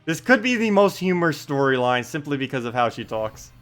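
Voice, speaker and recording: A man with a slightly high voice speaks a little fast over faint background music while livestreaming a game. He casually comments on the gameplay and responds to viewers' questions in a relaxed style, thinking aloud with frequent uhs and ums.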